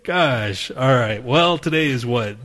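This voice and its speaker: A man's voice: medium pitch, expressive, a bit bright. A man co-hosting a podcast in loose, profane banter, teasing his friend and laughing often. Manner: swears constantly, teasing, quick to laugh. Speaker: podcast co-host.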